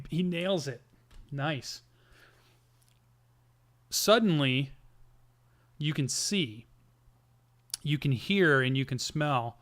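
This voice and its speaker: A man narrating a tabletop game as game master, halting often with ums and restarts. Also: fairly high pitch, fairly bright tone.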